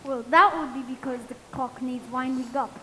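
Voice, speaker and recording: A woman's voice: high-pitched, normal speed, bright, forceful tone. A woman on a school stage playing a teasing, commanding boy hero, recorded in an echoey hall. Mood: cocky. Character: cocky ghostly boy hero. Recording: echoey hall, faint noise.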